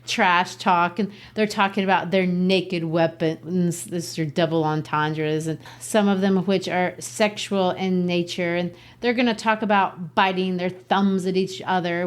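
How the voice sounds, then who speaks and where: A woman from Brazil, co-hosting a podcast and explaining a play in a chatty, casual way. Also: lowish voice. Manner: explains the text with chatty asides. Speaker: podcast co-host. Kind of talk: casual literature discussion.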